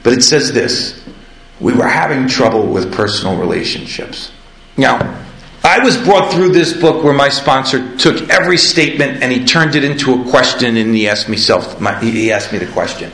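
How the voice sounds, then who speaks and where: Man sharing at a recovery meeting, gravelly voice, echoey room, candid and self-mocking. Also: mid-range voice, moderate pace. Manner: candid, self-deprecating, rising animated at stories. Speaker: AA meeting speaker.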